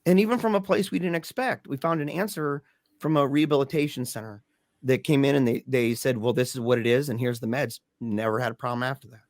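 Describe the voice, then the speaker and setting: A man's voice: medium pitch, quick pace, no echo, clean studio sound. A man telling a painful family story in casual talk as a podcast guest, emphatic and peppered with dude and man. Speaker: podcast guest, grieving father. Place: lives in Michigan.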